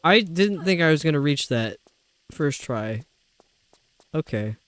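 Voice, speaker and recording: A man's voice: a little high, expressive, measured pace, a bit bright, no room sound. A young man giving live commentary while playing a video game, rambling, stumbling over his words and laughing often. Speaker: streamer.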